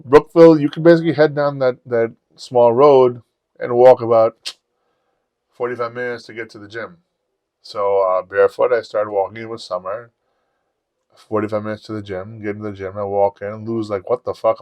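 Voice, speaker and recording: Podcast guy telling a wild story, cusses a lot, does his own voice for the quotes, dead dry room, average pitch. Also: normal speed, no echo. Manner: animated, swearing, acts out his own past lines. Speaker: podcast host. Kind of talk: casual storytelling chat.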